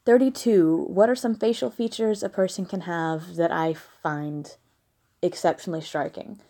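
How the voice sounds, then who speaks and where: A woman's voice: fairly low pitch, steady tone, normal speed, warm tone. A woman from the American South reading listener questions aloud and answering them frankly, with laughing asides. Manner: frank, blunt, giggly asides. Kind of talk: casual question-and-answer monologue. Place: at home with a dog nearby.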